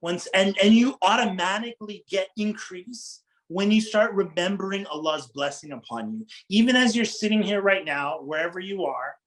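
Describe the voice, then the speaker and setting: A man's voice: high-pitched, moderate pace, few pauses, fairly bright tone, rough recording. A middle-aged man giving a conversational religious talk, engaging the audience with questions and light laughter. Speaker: Islamic preacher.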